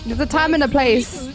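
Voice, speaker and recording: A woman with a high voice streams a game, talking to her chat in a loose, playful way and cursing when things go wrong. Faint music plays under her commentary. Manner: playful, swears freely, talks to chat. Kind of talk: casual gameplay commentary.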